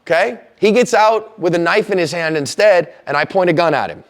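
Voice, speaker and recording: A man's voice: high-pitched, brisk. A middle-aged man teaches a self-defense class in a slightly raised voice. He tells stories with energy and acts out the people in them. His talk stays casual and direct throughout. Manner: animated storyteller, acting out quoted lines loudly.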